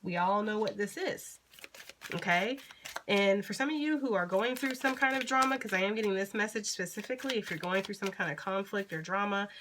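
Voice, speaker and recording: A woman's voice: medium pitch, brisk, noisy background. A woman giving a casual tarot reading, chatty and reassuring, blunt and freely profane. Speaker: tarot reader.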